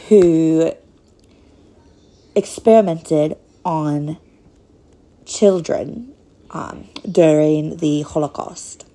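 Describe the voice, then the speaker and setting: A woman in her thirties hosts a casual solo podcast in a Northern Minnesotan accent, speaking slowly and hesitantly with frequent pauses. Her voice sits low, with vocal fry and a warm tone, and the audio quality is poor.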